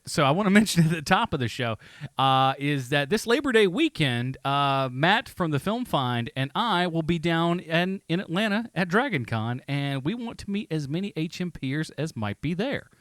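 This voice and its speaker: A man hosting a casual podcast chat, slightly high in pitch and swinging all over the place. He rambles through fillers and restarts and laughs often. The sound is dry and close to the mic. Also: big pitch swings, fairly quick, fairly bright tone, dry recording. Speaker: podcast host.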